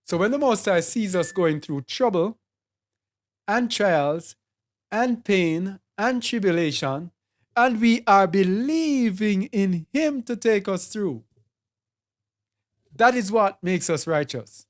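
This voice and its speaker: A Bible teacher with a Jamaican accent preaching a sermon, speaking deliberately and repeating and listing words for emphasis. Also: medium pitch, animated.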